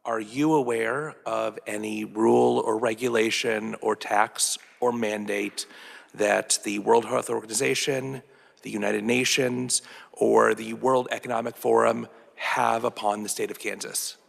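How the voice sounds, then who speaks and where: Man, legislator, courteous measured questions, very gravelly voice, long reverberant room. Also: lowish voice, fairly even intonation. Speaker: state legislator. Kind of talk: formal questioning at a hearing. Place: large legislative hearing room. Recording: reverberant hearing room audio.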